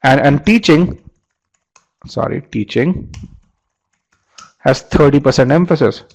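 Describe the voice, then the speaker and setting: A man's voice: a little high, slow, creaky, a little mellow, slightly rough, low-quality recording. A man teaching a live online webinar, often repeating words as he restarts and quizzing his audience. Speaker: online course instructor.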